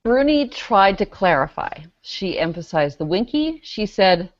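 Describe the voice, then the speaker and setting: A woman's voice: mid-range voice, big pitch swings, a little slow, no room sound. A woman on a casual web panel show, presenting a news story with dry sarcasm as she reads comments aloud. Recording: dry, dull lo-fi video call audio.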